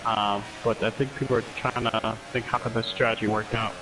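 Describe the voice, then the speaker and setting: A man's voice: on the low side, level tone, brisk, background noise. A man co-commentating an online sim race, talking through tire strategy and correcting himself as he goes. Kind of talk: casual live sim racing commentary.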